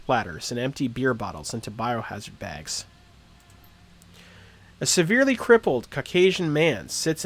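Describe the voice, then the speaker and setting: A man streaming a game live, reading its text aloud and chatting about his choices. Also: mid-range voice.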